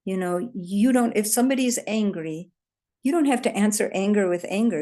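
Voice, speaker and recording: A woman's voice: medium pitch, mellow. A woman leading a workshop, telling personal stories in an earnest, conversational way with occasional laughs. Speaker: workshop leader. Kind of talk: storytelling workshop talk.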